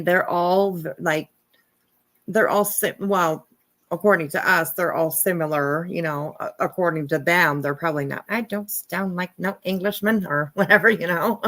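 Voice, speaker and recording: A woman's voice: low voice, creaky, a bit bright. A woman in her fifties hosting a casual livestream, chatting with viewers, thanking them by name and laughing often. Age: 50s. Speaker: livestream host. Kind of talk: casual live chat with viewers.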